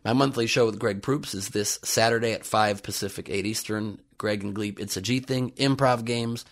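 A man's voice: lowish voice, moderate pace. A man hosting a podcast, delivering a comedic news monologue in a sarcastic, jokey manner. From United States. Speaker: podcast host.

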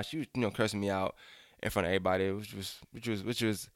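A man's voice: fairly low pitch, very fast, a bit bright, clear, resonant tone, no echo, studio quality. A young man telling a personal story in a frank, casual way, swearing freely and speaking straight to his listeners. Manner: frank, profane, addresses listeners directly.

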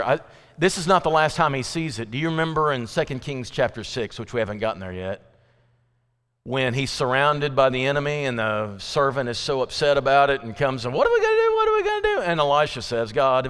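This evening sermon comes from a man in a church sanctuary, captured with long hall reverb. His tone is fairly bright, clear, and resonant as he talks conversationally, quizzes his listeners, and performs quoted voices with abrupt pitch jumps.

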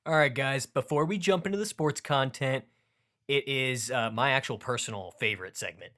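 A man's voice: medium pitch, moderate pace, pushed and bright. A young man hosting a casual sports podcast, upbeat and joking as he hypes up the show. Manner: upbeat, joking, hype-style show intros. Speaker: podcast host.

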